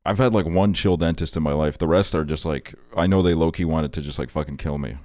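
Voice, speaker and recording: A young man with a very low voice talks casually to his stream chat, rambling through stories with plenty of swearing and "like" fillers. He answers viewer messages as he goes. The sound is dry and close, with no room echo. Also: fast talker, darkish tone. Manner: rambling, profane, heavy on "like" fillers.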